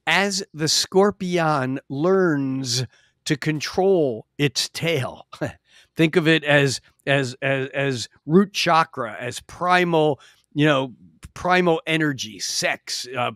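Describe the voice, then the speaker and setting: A man talking as a guest astrologer in a casual podcast chat, his voice a bit higher than most men's. He explains things expansively, restarting his sentences as he goes. The sound is close and dry on a podcast mic. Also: takes it slowly, a bit bright, no room sound. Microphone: podcast microphone.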